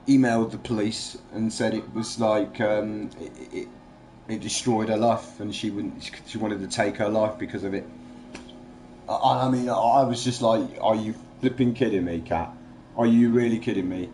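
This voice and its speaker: A man's voice: on the low side, little pitch movement, a little slow, darkish tone. Agitated man venting. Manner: agitated, rambling, swears freely. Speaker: livestream host. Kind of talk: casual chat.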